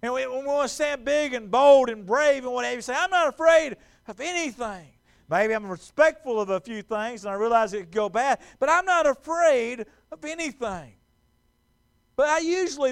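A man preaching a sermon in a church, animated and stumbling over repeated words as he acts out quotes. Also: extremely high pitch, vocal fry, smooth. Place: church sanctuary.

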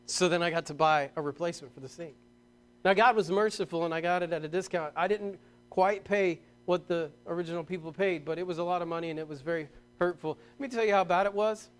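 Pastor, male, middle-aged, higher-pitched, lively sermon delivery with emphatic outbursts. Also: smooth, faint music behind. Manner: animated storytelling, emphatic bursts, reads scripture slowly.

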